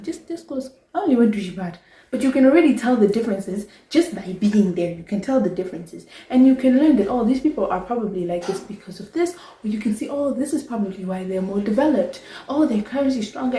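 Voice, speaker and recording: A young woman, talking to camera in an animated, exasperated way, her pitch jumping high when she makes a point. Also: far from the mic. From South Africa. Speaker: vlogger. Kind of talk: casual talk to camera. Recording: roomy, from the mic.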